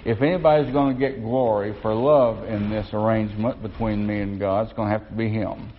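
A man's voice: on the low side, fairly even intonation, fairly quick, dull audio, slight background noise. A male pastor preaching a sermon to his congregation in a church, asking rhetorical questions as he goes.

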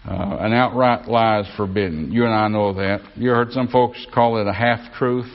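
Low-voiced man preaching a sermon. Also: moderate pace, highs cut off. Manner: folksy, asks congregation for amens. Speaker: pastor.

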